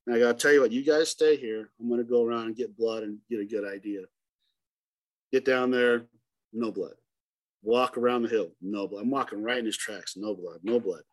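A middle-aged man, a hunting guide, telling a story in a casual interview and acting out the dialogue with lively turns of voice. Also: mid-range voice, fairly quick. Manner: animated, acts out dialogue in the story.

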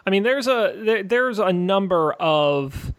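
Chatty, wry man with a higher voice. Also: animated, a little slow. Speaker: co-host. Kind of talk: casual chat.

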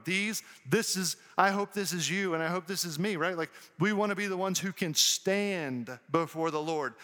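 A man's voice: a little high, bright, forceful tone. A man preaching an earnest sermon as a pastor, reading scripture and explaining it to his congregation. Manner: earnest, preaching with rising emphasis. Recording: long hall reverb.

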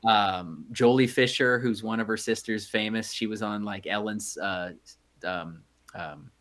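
A middle-aged man co-hosts a podcast in casual chat, rambling with lots of fillers and restarts. His voice is lowish and fairly bright, and he takes his time.

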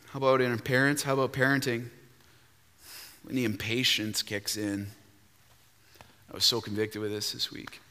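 Guy pastor preaching hard, bright ringing voice, big echoey church sound. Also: fairly low pitch. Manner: emphatic, animated preaching, sometimes breaking into song. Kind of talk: sermon.

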